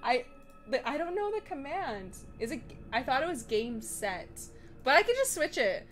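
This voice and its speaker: A woman's voice: high-pitched, very animated, normal speed, a bit bright. A young woman from Canada chatting casually while livestreaming a horror game, giggling and reading chat aloud. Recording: music playing underneath.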